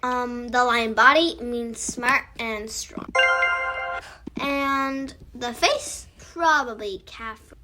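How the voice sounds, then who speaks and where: A woman's voice: a little high, drawn-out words, over loud music. A woman hosting a casual kids' question show, silly and curious as she asks goofy questions. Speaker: host.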